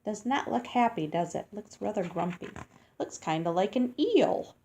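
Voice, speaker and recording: A woman's voice: medium pitch, animated, normal speed, mellow, a little hiss or hum. A woman reading a picture book aloud to children, stopping to explain words, sound out hard names and ask them questions.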